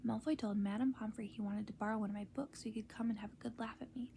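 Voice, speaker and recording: A woman's voice: fairly high pitch, steady tone, fast, vocal fry, mellow, slight background noise. Woman whispering as a grumbling young boy wizard. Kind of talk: whispered role-play.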